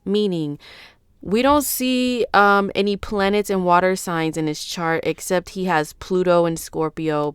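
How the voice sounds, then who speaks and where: A woman astrologer talks straight to the camera first thing in the morning, just out of bed. Her voice sits very low yet stays unusually clean and resonant. She chats in a loose, rambling way with street slang, and the sound is dry and close with no room around it. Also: clean tone, no room sound. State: just woken up. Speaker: astrologer and channel host. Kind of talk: casual unscripted vlog talk.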